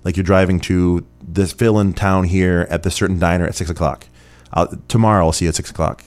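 Rambling through a casual listener Q&A, this Rochester, New York podcast host speaks in a low, slightly mellow voice. His talk is chatty and packed with fillers.

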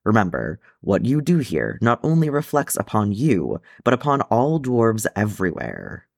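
A gruff old dwarf father, fussy and fierce, who nags his grown son, as a man reading a storybook puts him on. His low voice jumps around as he scolds. The sound is close and dry. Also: huge pitch swings, moderate pace, dry recording, full character voice. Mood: fussing.

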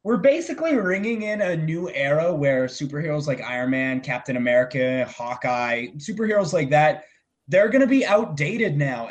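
A young man with a slightly higher voice talks through a movie review in an energetic, casual way. He swears freely and gets worked up about what he liked. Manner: excitable, swearing, laughing often.

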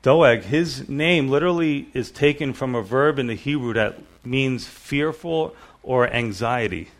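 A pastor giving a relaxed evening Bible sermon, retelling the story casually with lots of "you know.". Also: male voice, mid-range voice, measured pace.

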